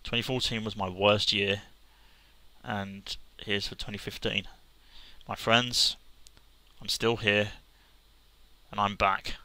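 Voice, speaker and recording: A man talking sincerely to camera as a gaming vlogger, halting with restarts and fillers. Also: on the low side, flat delivery, pushed and bright, no echo. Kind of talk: casual earnest talk to camera.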